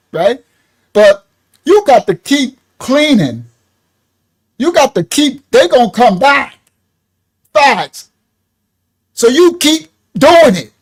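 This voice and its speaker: A man preaching casually, telling a story in slangy street talk, laughing often and swinging his voice up and down. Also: very high voice.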